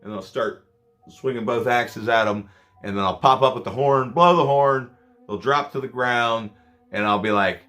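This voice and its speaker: A man's voice: mid-range voice, moderate pace, fairly bright tone. A man vlogging, telling rambling, profane stories about his work as a scare actor. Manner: rambling, profane, self-mocking. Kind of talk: casual storytelling to camera.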